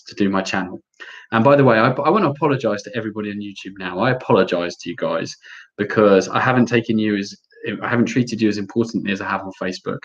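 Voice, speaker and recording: A man with an English accent answering viewer questions in a lively, chatty live Q&A, reading each question aloud before answering. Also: on the low side, lo-fi sound. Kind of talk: casual live Q&A.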